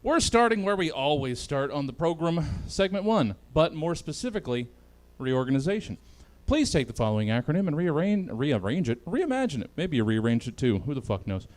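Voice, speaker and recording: Laughing comedy host with lively pitch. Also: male voice, fairly quick, hardly any pauses. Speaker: comedy panel show host. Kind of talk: loose comedic hosting.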